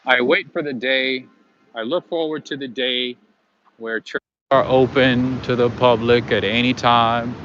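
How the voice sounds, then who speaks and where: A man from California talks casually to his livestream viewers while walking a city street at night. The sound is dull and lo-fi, with plenty of street noise behind him. His voice sits at an ordinary middle pitch. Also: steady tone, measured pace. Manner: chatty, addresses viewers as friends. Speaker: livestream host. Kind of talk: live walking tour commentary. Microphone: handheld livestream setup with earphones. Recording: lo-fi street stream with loud traffic noise.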